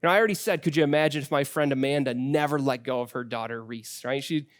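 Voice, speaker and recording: A man's voice: mid-range voice, fast talker, dry recording, studio quality. A man in his forties preaching a sermon as pastor, telling family stories in a conversational way. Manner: conversational storytelling with personal anecdotes.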